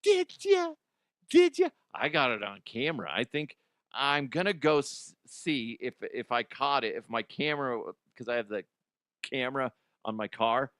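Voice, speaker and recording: A middle-aged man hosts a talk radio show, rambling through stories with plenty of swearing and self-mockery. His voice sits at an average pitch and sounds dry and close, with no room around it. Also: normal speed, bright, forceful tone, no room sound. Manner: profane, self-deprecating, rambling. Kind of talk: casual comedic talk radio monologue.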